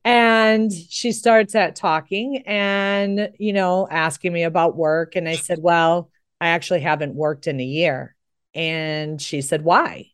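Her fairly low, smooth voice stays mostly even as she takes things slowly. She's a middle-aged American talk show host giving an impassioned monologue, earnest, emphatic and rising with emotion.

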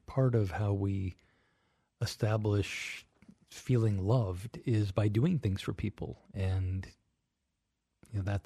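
Gravelly, husky man hosting an interview. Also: lowish voice, mellow, no echo, clean studio sound. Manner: attentive, affirming. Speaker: radio show host.

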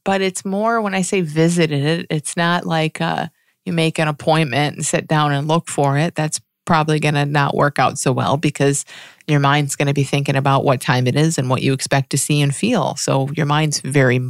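A woman giving a reflective spiritual monologue, musing aloud with frequent restarts and soft laughs. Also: low-pitched, steady tone, moderate pace, no room sound, studio quality.

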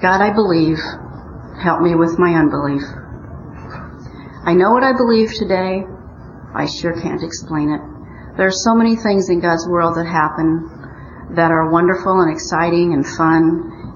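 An older woman from Omaha, Nebraska, speaks at a recovery meeting, sharing her personal recovery story earnestly and with wry humor. Her voice is on the low side, captured in a muffled, roomy recording with slight background noise.

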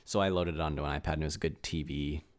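A man co-hosting a casual chat, musing and relaxed, with lots of filler words. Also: rumbling low, very fast. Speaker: podcast co-host.

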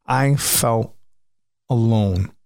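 A man's voice: mid-range voice, drawn-out words, a little mellow, dry recording, clean studio sound. A man, a musician, frankly recounting a personal story with vivid, profane retelling.

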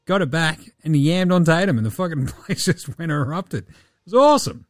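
Male host Australian, sweary, animated, dry close mic. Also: fairly high pitch, brisk, no room sound, faint music behind. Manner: profane, animated, laughing. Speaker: podcast host. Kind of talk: sweary casual sports talk.

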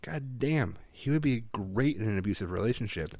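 A man, a father, co-hosting a casual chat, telling animated stories, swearing freely and mimicking voices. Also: medium pitch, moderate pace, vocal fry, dry recording. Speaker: podcast co-host, father.

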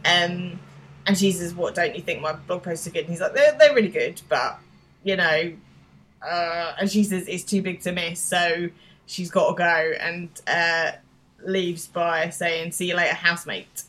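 A woman with a somewhat low voice tells stories in relaxed podcast chat. She talks in a chatty, easygoing way as she retells scenes. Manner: chatty storytelling, quick to laugh. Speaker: podcast co-host. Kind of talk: casual recap chat.

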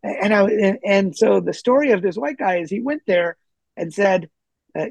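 High-voiced man telling stories animatedly. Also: normal speed, vocal fry, no room sound, poor audio. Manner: animated, chatty, with frequent fillers and restarts; chuckles while telling stories. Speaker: interview guest. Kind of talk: casual storytelling in conversation.

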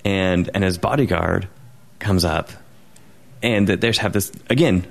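Low-voiced man explaining a film. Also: unhurried, vocal fry. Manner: thoughtful, explains at length with many restarts. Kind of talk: casual chat about a film.

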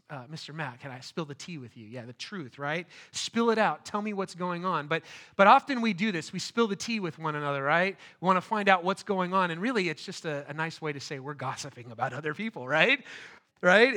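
A middle-aged male pastor preaching with a bright, forceful voice that sits a little high. He talks earnestly and emphatically, slowing down to lean on the words that matter. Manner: earnest, emphatic, slows down to stress key phrases. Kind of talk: sermon.

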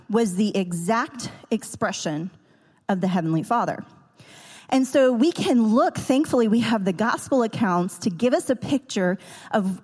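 A woman teaching a sermon earnestly, slowing down to stress key words. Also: fairly high pitch, darkish tone. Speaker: preacher. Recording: long hall reverb.

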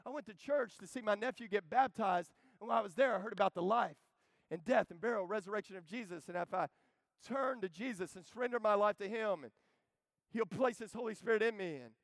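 Preacher doing a young male coworker, earnest and eager, higher-pitched, smooth. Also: brisk, dry recording. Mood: excited. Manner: excited then earnest and tearful.

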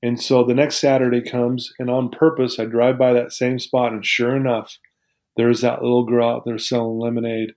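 A man's voice: medium pitch, level tone, normal speed, darkish tone. A man as an interview guest, telling a personal story in an earnest, heartfelt, reflective way.

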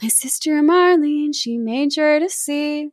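A woman's voice: high-pitched, no room sound, clean studio sound, voice pushed up. Woman doing eerie singing ghost bird. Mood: eerie sing-song. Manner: slow, eerie sing-song chant. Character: ghostly singing bird, murdered little boy.

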